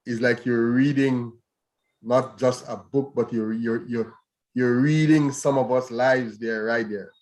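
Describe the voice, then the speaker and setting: A man, a pastor hosting a radio talk show, speaking in a measured, hesitant way with many fillers. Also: mid-range voice, steady tone, a little mellow.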